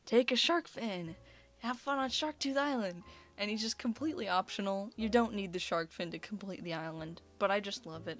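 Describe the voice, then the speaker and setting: Young woman, gushing casual ramble, filler-heavy, slightly low voice. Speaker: video creator. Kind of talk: casual rambling ranking video. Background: faint background music.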